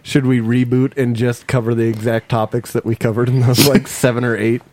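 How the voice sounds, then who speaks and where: A man's voice: mid-range voice, flat delivery, a little fast, darkish tone. A man hosting a casual podcast with friends, laughing often as he leads the banter. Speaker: podcast host.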